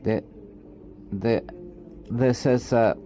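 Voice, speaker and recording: A man giving an academic research presentation, reading from slides in a halting way with frequent restarts. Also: mid-range voice, steady tone, dark tone, slight background noise.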